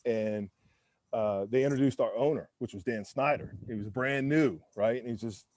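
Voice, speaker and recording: Man in his 40s, ex-football lineman guest, mellow dark tone, mid-range pitch, relaxed candid storyteller. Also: moderate pace, dry recording. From United States. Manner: laid-back and candid, heavy on fillers like "man" and "you know"; acts out other people's lines while telling stories. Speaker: interview guest, former pro football lineman. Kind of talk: casual storytelling interview. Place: windy rooftop, outdoors.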